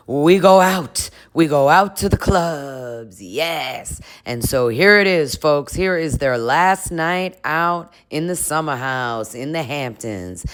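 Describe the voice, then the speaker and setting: A woman casually recapping a reality show in a chatty, gossipy way, with laughing asides. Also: extremely low pitch. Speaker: recap vlogger.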